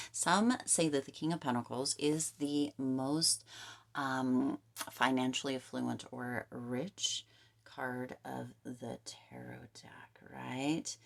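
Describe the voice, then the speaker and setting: Female tarot reader, deep gravelly voice, emphatic and repetitive, slips into soft asides. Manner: emphatic, repetitive coaching talk. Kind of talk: tarot reading to camera.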